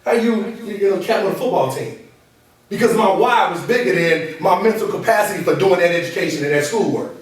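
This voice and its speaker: A high-voiced man gives an animated motivational talk to a room full of listeners and keeps asking if they follow him. He sounds distant from the microphone, with a strong echo of the room around him. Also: brisk. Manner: animated call-and-response, repeatedly asking the audience to follow along. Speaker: motivational speaker and coach. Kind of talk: motivational talk to a live group. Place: meeting room with an audience. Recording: echoey room from far off.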